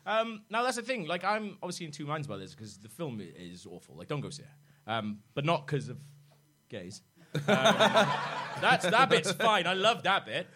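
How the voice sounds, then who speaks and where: A young man hosting a podcast, telling a story in casual comedic chat with swearing, constant laughter and quick asides. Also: on the high side, sing-song, sharp tone, slight background noise. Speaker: podcast host.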